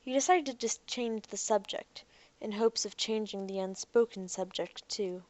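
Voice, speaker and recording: Calm woman reading an audiobook. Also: medium pitch, moderate pace. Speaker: audiobook reader. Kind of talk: scripted narration.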